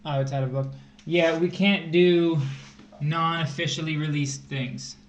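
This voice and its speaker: A man's voice: fairly high pitch, fairly even intonation, unhurried, muffled recording. A man tutoring test prep on a casual livestream, joking and rambling as he explains math. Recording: echoey room, faint hiss.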